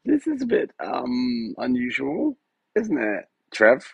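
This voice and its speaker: A man's voice: mid-range voice, huge pitch swings, takes it slowly, vocal fry, breathy edge, dry recording, lo-fi sound. A man hosting a live stream, talking in a hesitant, rambling way full of fillers, his voice turning emotional at moments. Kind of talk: casual live-stream chat. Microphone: phone.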